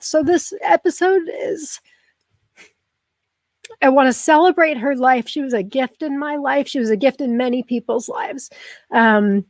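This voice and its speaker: On the high side, this middle-aged woman's voice comes through in studio quality with no echo. She hosts a live online show, chatting casually and emotionally with her audience in a warm, effusive way, punctuated by many ums.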